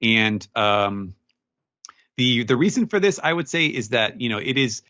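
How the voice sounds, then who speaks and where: A man's voice: medium pitch, lively intonation, unhurried, sharp tone, highs cut off. A man co-hosting a podcast, explaining at length in casual chat, full of fillers and restarts. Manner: rambling, many fillers and restarts. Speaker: podcast co-host.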